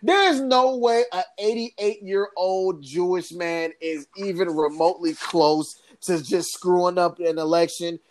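A woman co-hosting a casual political podcast, talking in an animated, sarcastic way, with laughs and mocking impressions. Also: fairly low pitch, measured pace, few pauses. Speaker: podcast co-host.

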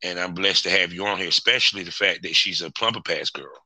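A male podcast host with a lowish voice that still comes across very bright and forceful. He talks in a loose, chummy way, repeating his phrases as he chats and runs through sponsor reads. The sound is dry and close. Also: fast talker, no echo, poor audio.

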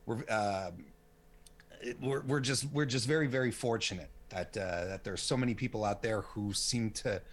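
A man's voice: lowish voice, moderate pace. A man in his late forties answering interview questions casually, rambling with lots of restarts and fillers. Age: late 40s. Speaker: interview guest, women's wrestling site runner.

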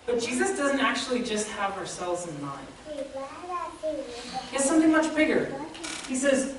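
A woman's voice: a little high, expressive, moderate pace, a bit bright. A woman preacher giving a conversational sermon, speaking directly to her listeners. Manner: conversational, addresses listeners as guys. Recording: echoey room, distant mic, faint noise.

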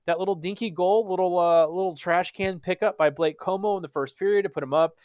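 A young man from Texas, hosting a casual hockey podcast, animated and swearing freely. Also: high-pitched, a little fast, dry recording. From Texas, USA. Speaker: podcast host.

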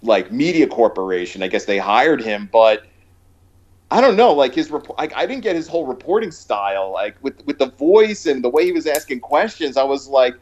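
A man's voice: medium pitch, big pitch swings, normal speed. A man chatting casually about a movie, rambling with lots of fillers and restarts. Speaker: podcast co-host. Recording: dull lo-fi sound.

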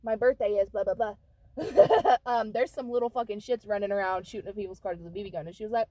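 Talking fast in a medium pitch, a woman co-hosting a casual podcast tells a story loaded with swear words. She animatedly acts out the quotes as she goes.

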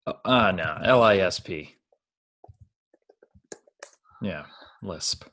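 A man's voice: low voice, animated, extremely slow, bright, forceful tone. A man co-hosting a podcast, casually chatting with a playful, teasing manner and frequent laughter. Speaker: podcast co-host. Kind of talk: casual chat.

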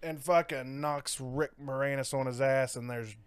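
A man's voice: medium pitch, steady tone, normal speed, smooth, no room sound. A man co-hosting a podcast, recapping a movie in casual chat, crude and joking, acting out scenes with sound effects. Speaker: podcast co-host.

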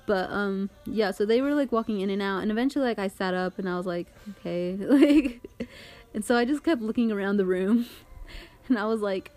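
A woman's voice: mid-range voice, fairly quick, a little mellow, faint music behind. A young woman telling a story in casual chat, laughing often and using lots of filler words and swearing.

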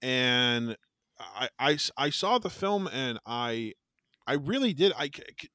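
A man chats on a horror podcast, rambling through restarts and tossing in swear words. His voice sits at an ordinary middle pitch. The sound is dry and close. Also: lively intonation, unhurried, bright, forceful tone, dry recording. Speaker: podcast co-host. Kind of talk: casual chat.

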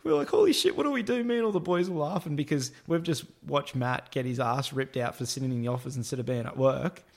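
A construction worker with a gravelly, mid-range voice tells a casual work anecdote at a fairly quick clip. He uses crude slang, acts out quotes, and laughs often.

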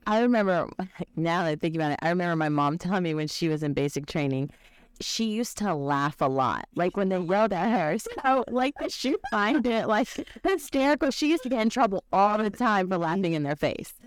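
A woman's voice: lowish voice, animated, brisk, clean tone, no room sound. A woman hosting a casual interview podcast, listening closely and chiming in often with short acknowledgements. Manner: attentive listener with frequent short backchannels. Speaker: podcast host.

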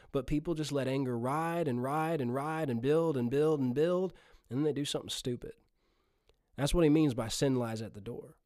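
A man's voice: on the high side, warm tone, no room sound, studio quality. A man preaching a sermon in an earnest, conversational way, often chuckling as he speaks.

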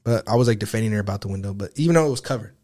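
A man's voice: on the low side, racing, a little mellow. A young man telling a personal story in a casual podcast chat, rambling and profane, full of filler words. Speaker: guest.

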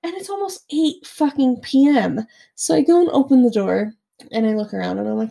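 A woman podcast co-host chats casually and tells stories with plenty of swearing. Her voice sits a little high and has a gravelly, creaky texture. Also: expressive, fairly quick, mellow, slight background noise. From Utah, US. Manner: swears freely, storytelling. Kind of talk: casual chat.

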